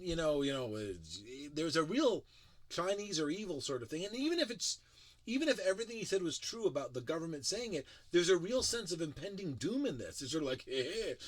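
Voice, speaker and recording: A man's voice: mid-range voice, dry recording. A man giving casual, critical commentary as a tech show reviewer, emphatic and sarcastic, with frequent restarts.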